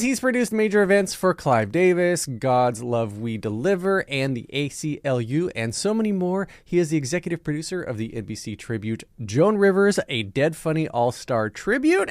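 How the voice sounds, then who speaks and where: Casting note: man in his forties, podcast host, lively swinging pitch, dry close mic, jokey. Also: no echo. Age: 40s. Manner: playful, quick to joke and laugh. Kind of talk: podcast interview.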